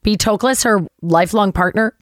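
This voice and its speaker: A middle-aged actress telling a story as an interview guest, animated, swearing and acting out quotes. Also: female voice, moderate pace, dry recording, studio quality. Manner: animated, acts out quotes with big pitch jumps, swears. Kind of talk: lively anecdote telling.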